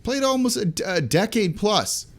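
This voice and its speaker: A man hosting a solo sports podcast, talking through basketball news in an energetic, conversational way with quick asides. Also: high voice. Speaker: podcast host.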